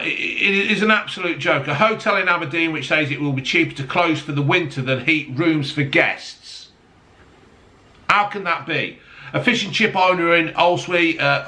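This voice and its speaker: A man's voice: on the high side, pushed and bright. A man ranting angrily in casual chat, swearing as he talks to camera. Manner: angry, sweary rant. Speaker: vlogger.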